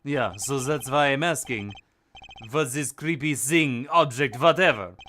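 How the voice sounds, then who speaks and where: A man's voice: mid-range voice, a little slow, bright, forceful tone, faint music behind. A young man streaming a game, joking and self-mocking in casual commentary. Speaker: gaming streamer.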